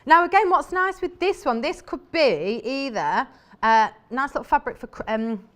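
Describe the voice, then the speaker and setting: A woman's voice: high voice, moderate pace, a bit bright. A woman presenting live on a shopping channel in a TV studio, chatty and enthusiastic, rambling as she shows fabrics.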